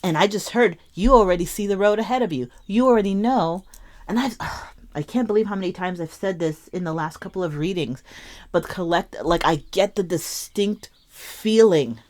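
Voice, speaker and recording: A woman's voice: medium pitch, normal speed, a little mellow. A young woman reading tarot cards to camera, sometimes muttering to herself, sometimes urging her listeners with strong emotion. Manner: emphatic, emotional, swings from muttering to impassioned urging. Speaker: tarot reader.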